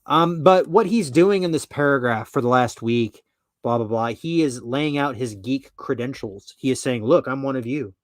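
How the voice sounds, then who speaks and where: A man's voice: medium pitch, normal speed, dry recording, studio quality. A man hosting a podcast who reads an article aloud and comments on it in a rambling, profane way. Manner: profane, rambling, full of fillers and asides. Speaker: podcast host.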